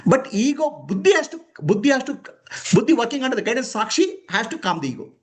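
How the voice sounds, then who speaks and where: High, lively male teacher. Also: quick pace. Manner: emphatic, questioning, chuckling often. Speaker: spiritual teacher. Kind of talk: spiritual discourse to students.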